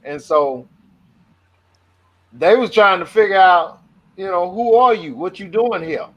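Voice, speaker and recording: A man's voice: high voice, lively intonation, measured pace, a bit bright, highs cut off. A man co-hosting a podcast, chatting casually and acting out quotes while telling stories. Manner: laid-back, storytelling, acts out quotes. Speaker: podcast co-host. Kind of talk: casual chat.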